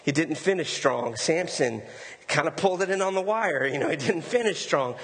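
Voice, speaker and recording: A man's voice: a little high, animated, moderate pace, fairly bright tone. A male pastor preaching a sermon in a conversational way, often repeating words for emphasis. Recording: long hall reverb.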